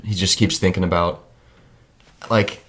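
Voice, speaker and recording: A man's voice: low voice, steady tone, measured pace, a bit bright. A man co-hosting a podcast in easygoing chat, reading out listener messages. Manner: easygoing, laughs often. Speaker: podcast co-host.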